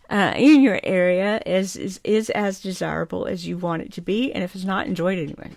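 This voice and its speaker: A woman's voice: fairly low pitch, brisk, vocal fry, hardly any pauses, darkish tone, no room sound. An older woman from South Georgia with a Southern drawl, chatting to camera in a rambling, heartfelt way and chuckling often. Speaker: vlogger. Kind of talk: casual chat to camera.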